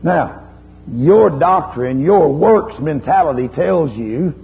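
A man preaches a sermon as folksy storytelling, scolding his congregation along the way. His voice sits a little high and is gravelly, and it swings widely in pitch. The recording is dull and lo-fi, with a faint hum underneath. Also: lively intonation, slow.

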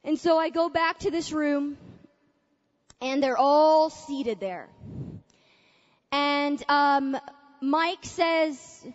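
A woman speaking at a conference, telling a personal story in an animated way and acting out her own past thoughts. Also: high voice, drawn-out words, pauses often. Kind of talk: testimony-style talk to a conference audience. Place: large conference hall. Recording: dull lo-fi capture in a large reverberant hall.

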